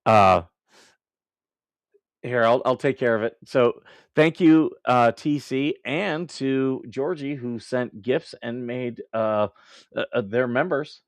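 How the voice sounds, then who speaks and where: A man's voice: medium pitch, slow pace, dry recording, clean studio sound. A man hosting a live stream, ranting and laughing as he comments, with many restarts. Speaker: livestream host.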